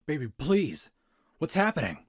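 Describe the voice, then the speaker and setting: A man's voice: lowish voice, a little slow, husky. A man doing a protective big bear. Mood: panicked. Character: big protective male bear, the coyote's boyfriend.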